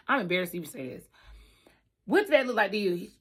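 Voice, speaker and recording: A woman trucker telling a story in a casual vlog, animated and emphatic, repeating lines for effect. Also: medium pitch, quick pace, husky. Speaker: trucker and trucking school staff.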